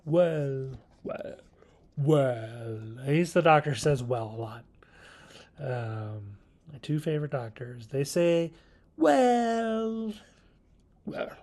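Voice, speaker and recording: A man's voice: medium pitch, slow, darkish tone. A man hosting his own video channel, giving a casual, rambling review of a classic TV serial, often correcting himself and chuckling.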